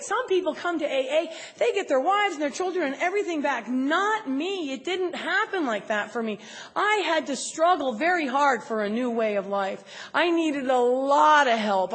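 A woman shares her recovery story with a candid, emphatic, self-mocking delivery and a voice that sits fairly high. The recording has a long, ringing hall reverb, as if she is speaking in a large meeting room. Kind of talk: personal recovery talk.

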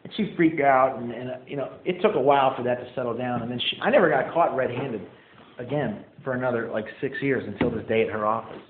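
A man's voice: mid-range voice, fast talker. A man in his twenties telling a personal story casually, candid and rambling, laughing at himself. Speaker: storyteller recounting addiction. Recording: echoey, phone-like, faint noise.

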